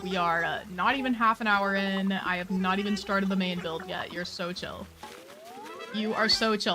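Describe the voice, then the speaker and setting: A woman chatting casually on a live stream while she plays a game, playful and opinionated, full of quick asides. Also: medium pitch, bright, forceful tone.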